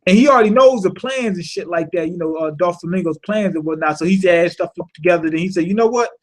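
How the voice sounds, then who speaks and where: A man's voice: high voice, fast. A man giving a casual, profane recap of a comic chapter, rambling and laughing as he swears his way through the plot. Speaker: manga reviewer.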